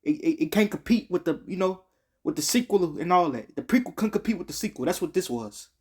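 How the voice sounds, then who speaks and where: A man's voice: high voice, expressive, fairly quick, darkish tone, breathy edge. A man giving a casual game review, slangy and profane, rambling with frequent restarts.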